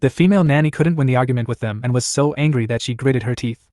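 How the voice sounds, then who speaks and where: A man reading a story recap as scripted narration, in an even, plain voice. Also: mid-range voice, fast, dry recording, clean studio sound.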